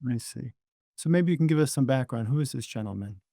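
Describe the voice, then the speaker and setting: A man's voice: medium pitch, animated, fairly quick, creaky, dark tone, no room sound, studio quality. A man moderating a webinar, asking short questions to draw out the speaker's story. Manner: brief, prompting questions. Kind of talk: interview questions.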